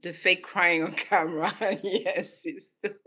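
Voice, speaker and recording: A woman's voice: lowish voice, steady tone, slow, pushed and bright. A woman from Senegal, raised in southern France, giving casual reaction commentary and laughing often between emphatic remarks. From born in Senegal, raised in southern France. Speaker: vlogger reacting to clips.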